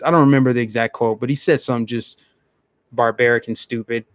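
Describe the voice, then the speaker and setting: A man's voice: mid-range voice, steady tone, brisk, dry recording, clean studio sound. A man hosting a live stream, ranting bluntly in casual commentary and talking straight to his chat.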